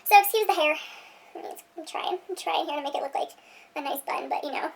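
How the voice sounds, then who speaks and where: Brief: giggly woman vlogger, very high and bright voice, rambling self-mocking chatter, mic a little distant, faint music behind. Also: quick pace, vocal fry. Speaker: beauty vlogger. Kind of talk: rambling outtake chatter to camera. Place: room at home.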